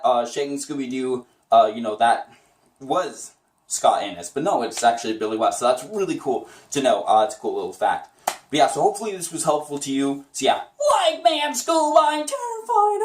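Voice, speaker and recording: Chatty man in a roomy room. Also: medium pitch. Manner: chatty, enthusiastic, rambling. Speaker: voice impression tutor. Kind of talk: casual spoken tutorial.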